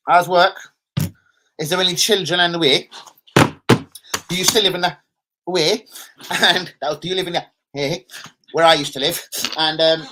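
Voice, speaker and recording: A man's voice: sits high, fairly even intonation, moderate pace, pauses often, background noise. A man hosting a football live stream, rambling casually, swearing and bantering with his viewers.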